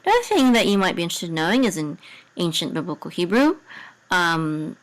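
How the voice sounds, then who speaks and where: A woman teaching biblical Hebrew, explaining patiently with many fillers and soft, quiet asides. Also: on the low side, big pitch swings, fairly quick.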